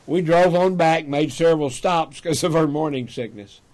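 An older man, hosting a talk show and telling a folksy personal story, growing animated when he quotes himself. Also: on the high side, normal speed. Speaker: radio talk show host. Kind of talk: storytelling monologue.

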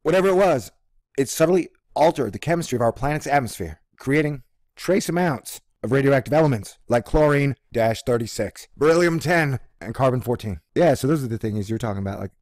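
A man's voice: medium pitch, expressive, fairly quick, a little mellow, no echo, clean studio sound. A man riffing jokingly as co-host of a casual talk recording made in an apartment, swearing and wandering off topic. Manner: jokey, swearing, tangential. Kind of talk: rambling comedic commentary.

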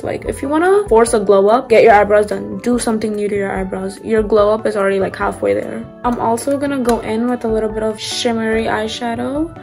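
A woman's voice: on the high side, a little mellow. A young woman vlogging her makeup routine in casual, filler-heavy chat. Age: young adult. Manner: chatty, filler-heavy, upbeat. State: slightly losing her voice. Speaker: beauty vlogger. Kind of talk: casual get-ready-with-me chat.

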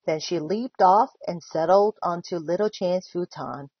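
Woman reading a kids' story, lively swooping pitch, husky tone, dull dry recording. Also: unhurried, few pauses, no room sound. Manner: expressive storytelling. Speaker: volunteer reader. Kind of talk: reading a children's book aloud.

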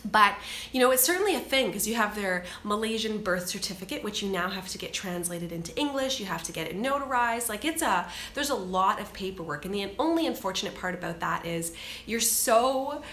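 Chatty woman vlogger in her thirties, bright forceful voice, echoey room, faint noise behind. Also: mid-range voice, brisk. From Canada. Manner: chatty, laughs often, animated storytelling. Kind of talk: casual live chat to viewers.

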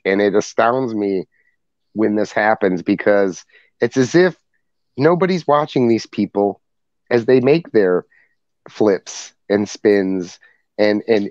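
A man's voice: fairly low pitch, darkish tone, no room sound. A man co-hosting a podcast, giving rambling opinions with many restarts and repeated words. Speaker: podcast co-host. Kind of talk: casual opinion chat. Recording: dry, slightly dull lo-fi mic.

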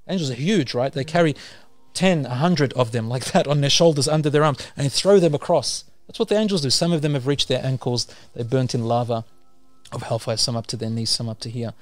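Fast-talking male preacher telling stories. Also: mid-range voice, no room sound. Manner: animated, vivid storytelling with rhetorical questions. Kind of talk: sermon storytelling.

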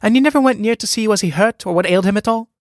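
A man's voice: high-pitched, rapid-fire, dry recording, studio quality, voice pushed up. A man reading a play aloud, voicing a spirited young country girl who mocks and scolds with impatience. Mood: sharp. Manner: sharp, mocking, impatient.

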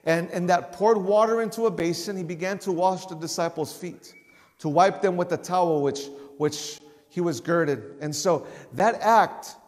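A man with a high voice teaches a Bible study in a loose, conversational way. He often restarts his words and now and then lifts his voice to act out a shout. A long reverb trails after him. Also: normal speed.

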